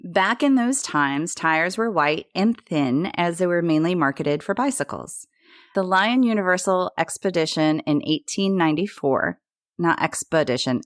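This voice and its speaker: A woman's voice: low voice, dry recording, clean studio sound. A woman co-hosting a podcast, telling a history story in a chatty way and correcting her own slips and pronunciations. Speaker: podcast co-host.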